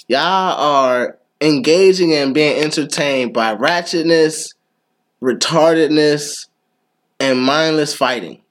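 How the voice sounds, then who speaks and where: A young man co-hosting a casual podcast chat, talkative and laughing often. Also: a little high. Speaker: podcast co-host.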